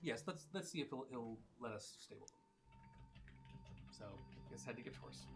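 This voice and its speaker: A man's voice: medium pitch, animated, normal speed. Casual man playing a tabletop game. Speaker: player.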